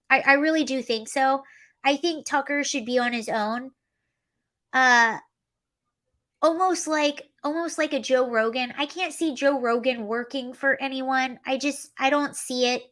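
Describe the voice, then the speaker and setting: A chatty woman hosting a casual livestream with a slightly high voice. She talks freely and animatedly, riffing on the news and answering viewers as she goes. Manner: chatty, animated, reads chat comments aloud. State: allergies, coughing and sneezy. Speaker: livestream host. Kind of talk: casual political commentary livestream.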